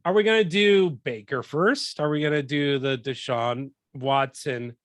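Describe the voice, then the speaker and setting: A young man hosting a podcast, telling a profane story in a casual, animated way and acting out what people said. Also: mid-range voice, a little slow, no room sound, studio quality. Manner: profane, animated, acts out quoted lines. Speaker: podcast host.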